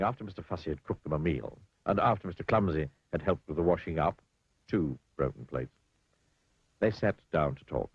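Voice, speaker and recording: A man reading a children's storybook aloud in an expressive, playful way, sometimes speaking to the listener. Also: very deep voice, slightly rough, no room sound, highs cut off.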